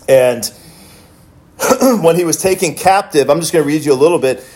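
Male pastor, sermon, storytelling, restarts often, slightly high voice. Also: moderate pace, a little mellow. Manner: storytelling, retelling with many restarts.

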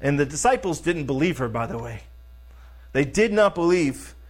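A man's voice: a little high, expressive, moderate pace. A middle-aged man preaching a sermon as pastor, emphatic, repeating phrases and calling out to the congregation.

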